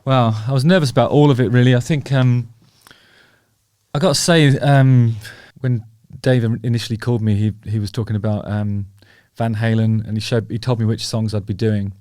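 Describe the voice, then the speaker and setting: A mid-range, slightly mellow voice carries this host's steady, moderately paced casual talking-head commentary on his own show. He's chatty and wry, rambling with fillers and poking fun at himself, in studio-quality sound with no room sound.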